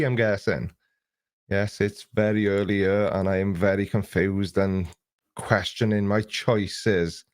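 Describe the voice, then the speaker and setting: A man's voice: on the low side, slow, clean tone, dry recording. A man hosting an early morning livestream, greeting viewers by name and chatting about their comments in a rambling way. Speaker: livestream host. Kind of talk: casual livestream chat, reading viewer comments. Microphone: desk recording mic.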